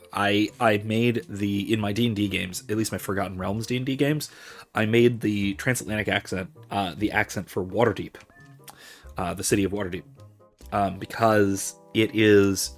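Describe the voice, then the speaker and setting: A man hosting a let's play, giving casual, rambling commentary full of ums and restarts as he digresses. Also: lowish voice.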